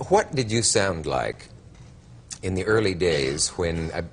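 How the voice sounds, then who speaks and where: Low-voiced talk show host, lively and wry. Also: male voice, slow, a little hiss or hum.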